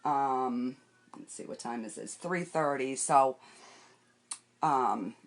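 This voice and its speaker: Low-voiced older woman chatting on a live stream. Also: slow. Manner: chatty, rambling, greets viewers by name; talks while wiping her face and doing makeup. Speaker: makeup vlogger. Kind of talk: casual live-stream chat.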